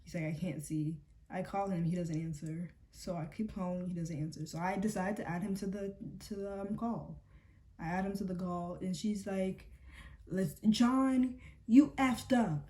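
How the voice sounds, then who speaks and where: A woman's voice: on the low side, fairly even intonation, moderate pace, dark tone. A young woman telling a story casually as she gets ready, full of "like" and "um" fillers and acted-out quotes. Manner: chatty, fillers like "like" and "um", acts out quotes. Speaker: beauty vlogger.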